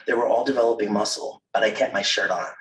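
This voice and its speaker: A man reading his own memoir aloud at a live literary event, measured and wry, with self-amused asides. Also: lowish voice, fairly bright tone, a little hiss or hum. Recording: roomy, distant mic at a live reading.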